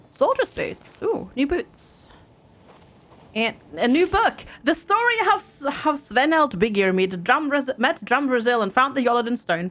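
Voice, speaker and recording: A woman's voice: on the high side, fairly bright tone. A woman streaming a video game, chatting casually with her viewers, giggling, and reading in-game books aloud. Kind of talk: casual gameplay commentary.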